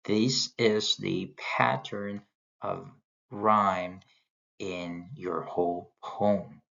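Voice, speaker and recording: A man's voice: deep voice, fairly even intonation, very slow, vocal fry, a bit bright. A man teaching a lesson on poetry, explaining step by step as he points to examples on slides. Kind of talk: recorded lecture on poetry. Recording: dull lo-fi sound.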